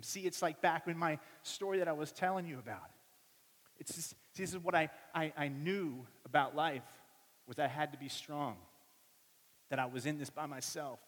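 Animated preacher in a reverberant hall. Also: male voice, a little high, slightly rough. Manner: animated storytelling, acts out voices of family members. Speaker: pastor. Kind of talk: sermon with personal stories. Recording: long reverb of a large hall.

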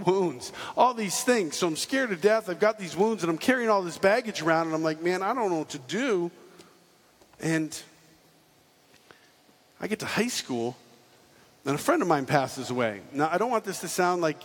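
A middle-aged man giving a comedic sermon, telling stories and acting out voices with lots of energy. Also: a little high. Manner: animated, acts out voices and jokes. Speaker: preacher. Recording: hall reverb, faint noise.

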